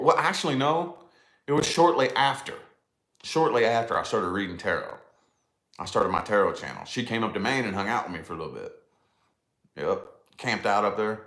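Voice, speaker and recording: A man's voice: on the low side, fairly bright tone, roomy sound. A middle-aged man hosting a casual tarot livestream chat, laid-back and swearing freely, calling his viewers dude and y'all. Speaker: tarot channel host.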